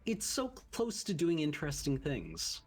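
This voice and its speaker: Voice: mid-range voice, huge pitch swings, a little slow. A stream co-host in casual chat, reading subscriber thanks and stumbling over names.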